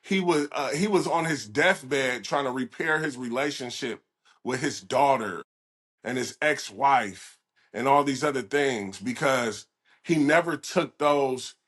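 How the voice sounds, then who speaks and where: A man hosting a podcast, reflecting on what his guest said in a measured, thoughtful way. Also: medium pitch, fairly bright tone. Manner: measured, reflective commentary with frequent affirmations. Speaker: podcast host. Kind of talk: casual interview chat.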